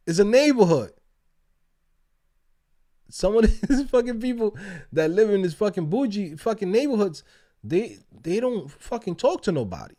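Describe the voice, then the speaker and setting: A man's voice: high voice, moderate pace, long pauses. A man, hosting a casual livestream, telling stories with lots of swearing and laughter. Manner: animated, profane, laughing storyteller. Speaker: livestream host. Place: outdoors.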